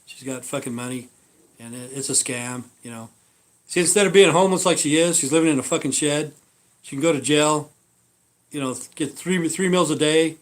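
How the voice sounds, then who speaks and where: A man's voice: on the high side, normal speed. A man hosting a live stream, telling stories in a meandering, profane way. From Idaho. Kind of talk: rambling casual live-stream chat.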